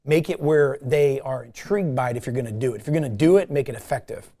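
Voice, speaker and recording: A man leading a casual sales meeting, coaching his team in an animated way and acting out short phone calls. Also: mid-range voice, quick pace.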